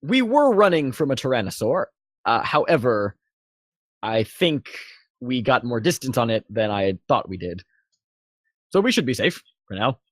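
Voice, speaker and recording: A man's voice: medium pitch, very animated, normal speed, no echo, studio quality. A man playing a flustered, bumbling human ranger in his thirties, polite and fussy.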